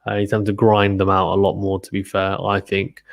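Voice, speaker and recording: A man giving excitable live play-by-play tennis commentary, gasping and exclaiming at big points. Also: sits low, fairly quick, vocal fry, dry recording, clean studio sound.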